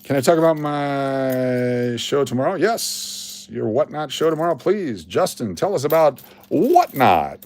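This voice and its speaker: A man at an ordinary pitch hosts a relaxed coin hunting livestream. He rambles, cracks jokes and answers his viewers' comments in an easy, offhand way. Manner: rambling, jokey, talks to chat. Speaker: coin roll hunting channel host. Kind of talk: casual livestream chat.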